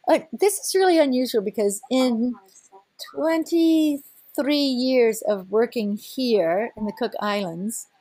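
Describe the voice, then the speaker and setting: Middle-aged woman, excited storyteller, laughs a lot, slightly high voice, dry close sound. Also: takes it slowly, no echo. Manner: lively, excited, laughs often, acts out quoted voices. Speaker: whale researcher and boat operator. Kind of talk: animated storytelling in a conversation.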